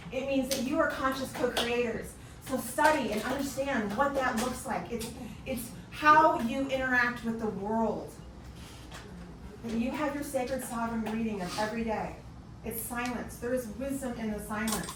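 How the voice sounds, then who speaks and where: Animated woman giving a keynote in a hall. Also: fairly high pitch, moderate pace. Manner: animated storytelling, acts out other people's lines. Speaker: keynote speaker. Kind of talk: motivational talk to a live audience. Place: large conference room. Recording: echoey hall, speaker far from the mic, background noise.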